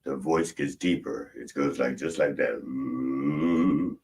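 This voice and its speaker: A man preaching a comic mock sermon, rambling and deadpan, with many fillers and restarts. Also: a bass voice, slow.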